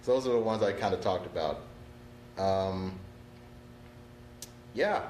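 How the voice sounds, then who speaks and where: A laid-back man talks through a casual livestream lesson in an unhurried, drawn-out way, chatty and quick to laugh or apologize. His voice rings in a roomy, echoey space with faint music underneath. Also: deep voice, darkish tone. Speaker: percussion instructor on a livestream.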